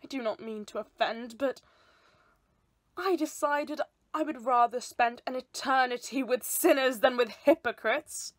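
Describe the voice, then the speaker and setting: A defiant young woman condemned to the stake speaks with measured scorn, as a student actress plays her. Her voice sits fairly high and moves slowly, each line placed with care. It is recorded dry and close, with no room around it. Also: no room sound. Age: young adult. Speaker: student actor. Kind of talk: theatre monologue performed online.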